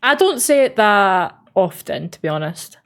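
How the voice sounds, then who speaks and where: A woman's voice: medium pitch, big pitch swings, normal speed. An Australian woman streamer in casual chat, reading out and answering live chat messages in an easygoing way with frequent laughs.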